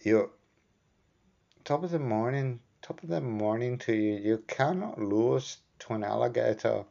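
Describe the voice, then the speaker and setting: A New Zealand man putting on a mock Irish accent to voice a rowdy male fight fan, slow and emphatic. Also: mid-range voice, expressive, creaky, mellow, pitched above the performer's own voice. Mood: insistent. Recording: dull lo-fi sound.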